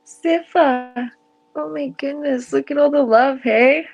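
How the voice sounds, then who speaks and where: A woman's voice: high voice, takes it slowly, creaky, soft background music. A young woman chatting casually on a live stream panel from home, stoned, rambling and laughing often as her sentences trail off. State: stoned and giggly. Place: home room.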